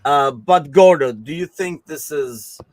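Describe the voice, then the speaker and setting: A man's voice: fairly high pitch, measured pace, dry recording. A man from Turkey with a mixed accent that has Turkish and English traces, hosting a casual football podcast in a playful, teasing way. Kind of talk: casual sports chat.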